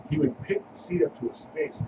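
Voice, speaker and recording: A man's voice: a little high, a little fast. A man hosting a casual, crude radio-show chat with friends, telling joking stories. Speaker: podcast host. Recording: distant mic, noisy room.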